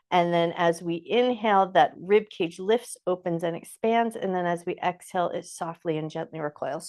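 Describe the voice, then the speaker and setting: A woman teaching chair yoga, calmly cueing each breath and movement in short, slow phrases. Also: fairly low pitch. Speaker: yoga instructor. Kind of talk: guided chair yoga instruction.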